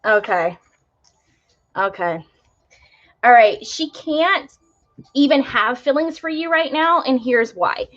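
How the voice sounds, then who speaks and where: A woman's voice: high voice, lively intonation, slow, pauses often, a bit bright, highs cut off. A young woman giving live tarot readings, talking casually with many fillers about spiritual topics. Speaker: tarot reader.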